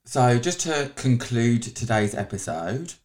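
A man co-hosting a podcast, talking frankly and quickly. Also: medium pitch, sing-song, a little mellow. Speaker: podcast co-host. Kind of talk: casual chat.

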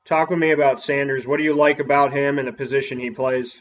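A man who is a sports broadcaster, reading an upbeat ad spot and then asking quick interview questions. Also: medium pitch, flat delivery, lo-fi sound, slight background noise.

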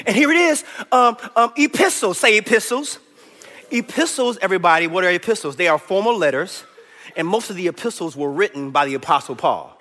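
High, bright-voiced enthusiastic preacher. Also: male voice, lively intonation, a little fast. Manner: enthusiastic, coaxing the room to answer aloud. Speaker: preacher teaching a Bible class. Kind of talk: call-and-response Bible lesson. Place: church hall. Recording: echoey church hall.

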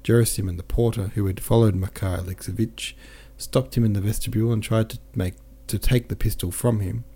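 A man narrating a classic novel at a steady, measured pace as a podcast host. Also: on the low side, slightly rough. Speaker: audiobook reader and podcast host. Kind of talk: audiobook narration.

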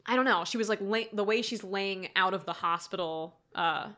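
A woman's voice: medium pitch, normal speed, sharp tone. A young woman co-hosting a podcast, chatting casually in a playful, dramatic way and swearing now and then. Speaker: podcast co-host. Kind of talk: casual chat.

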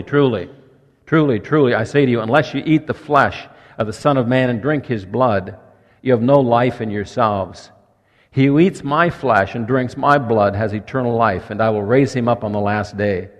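A male pastor delivers a sermon, reading scripture and unpacking it in an earnest, emphatic manner with deliberate pauses. His voice sits at an ordinary pitch for a man. A long reverb trails his words through the church hall.

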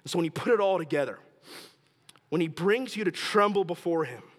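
A male pastor preaches in a slightly high voice, pressing his points by repeating them. He sometimes drops to a slow, quiet delivery for emphasis. His words ring with the long reverb of a large hall. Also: lively intonation. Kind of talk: sermon.

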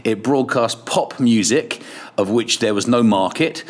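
A man's voice: medium pitch, unhurried. A middle-aged Irish man, a radio presenter, telling casual stories as a podcast guest, rambling with restarts, laughter and swearing. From Ireland. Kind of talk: casual storytelling interview.

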